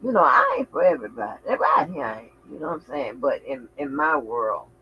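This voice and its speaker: A man hosting a casual livestream, talking in an animated, outspoken way with frequent swearing and exclamations. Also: medium pitch, quick pace, dull audio, a little hiss or hum. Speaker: channel host.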